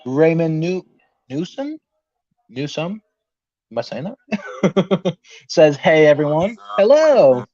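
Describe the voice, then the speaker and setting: Brief: young male podcast host, higher-pitched, nervous, laughs often; dry, dull lo-fi recording. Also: animated, slow pace, pauses often, darkish tone, dry recording. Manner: nervous, laughing, reading viewer comments aloud. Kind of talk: casual livestream chat.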